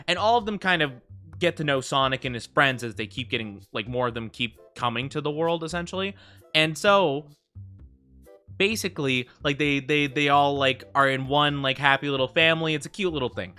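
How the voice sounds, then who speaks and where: A man's voice: medium pitch, sharp tone, clean tone. A man streaming a game, chatting casually in a rambling way, full of fillers and laughing easily. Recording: faint background music.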